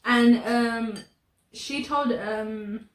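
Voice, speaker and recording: A woman chatting casually about a drama, animated and laughing as she acts out quotes. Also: on the high side, very slow. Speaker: co-host. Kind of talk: casual chat reviewing a drama. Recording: echoey room, a bit far from the mic.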